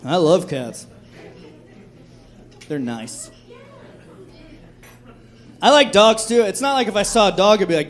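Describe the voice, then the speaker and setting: A man's voice: sits high, animated, moderate pace, long pauses. A young adult man doing a stand-up comedy set on a club stage, profane and rambling, often laughing at his own jokes. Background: audience laughter.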